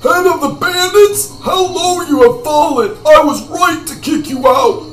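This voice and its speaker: A man shouting as a stern old kung fu master. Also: extremely high pitch, a little slow, faint music behind, voice pushed up. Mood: scolding. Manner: scolding, shouting. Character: stern old male martial arts master. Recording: echoey room, distant mic.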